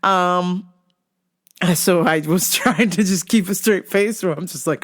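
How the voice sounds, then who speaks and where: A woman vlogger telling a story in a profane, laughing, lively way. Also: fairly low pitch, a little slow. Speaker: video blogger. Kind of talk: storytime vlog.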